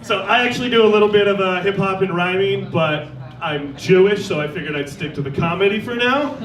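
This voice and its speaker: A man doing a stand-up comedy set on a stage mic, with a wry deadpan delivery and mock voices for the people he quotes. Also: high voice, fast talker, far from the mic. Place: live comedy venue. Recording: roomy live venue with crowd. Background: audience laughter.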